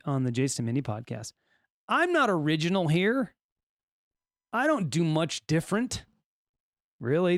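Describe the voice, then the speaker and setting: A man's voice: fairly high pitch, dry recording, clean studio sound. A man with a Californian accent hosting a solo podcast, reading odd news stories and tossing in joking asides. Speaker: podcast host.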